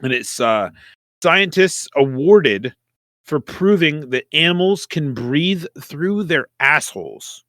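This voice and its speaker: A man's voice: fairly high pitch, animated, takes it slowly, fairly bright tone, no room sound, studio quality. A man co-hosting a podcast in loose, profane, casual chat, laughing often. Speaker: podcast co-host.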